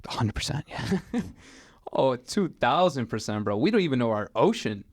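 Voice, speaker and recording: A man's voice: mid-range voice, big pitch swings, normal speed, dry recording. Young man rambling through a story. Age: 20s. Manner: rambling, filler-heavy storytelling with many "like"s. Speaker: podcast guest telling stories. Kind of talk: casual podcast chat.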